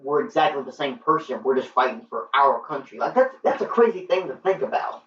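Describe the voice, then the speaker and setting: A man's voice: medium pitch, lively intonation, a little fast, a bit bright, slight background noise. A man giving a casual film review, retelling the plot in a rambling way and filling his talk with "like". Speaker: movie reviewer. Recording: roomy, distant, dull lo-fi sound.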